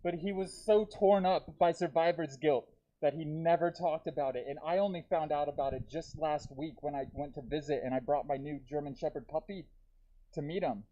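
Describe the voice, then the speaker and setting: Stand-up comic, male, slightly high voice, dark deadpan delivery with wry asides, muffled by a deer mask. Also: moderate pace. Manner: dark deadpan jokes with self-aware asides to the crowd. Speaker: stand-up comedian. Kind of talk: live stand-up set. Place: comedy theater stage. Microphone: talking through a deer mask.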